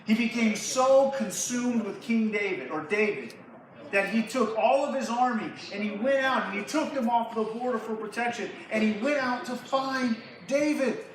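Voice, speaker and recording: High-voiced man telling a Bible story. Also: moderate pace. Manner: lively, slangy retelling. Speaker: youth pastor. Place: church hall. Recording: echoey hall from far off, faint noise.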